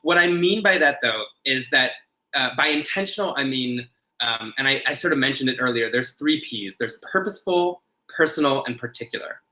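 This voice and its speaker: A man's voice: mid-range voice, animated, moderate pace, bright, forceful tone, poor audio. A man who is a podcast guest, earnestly explaining ideas and often restarting his phrases. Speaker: podcast guest, ritual designer.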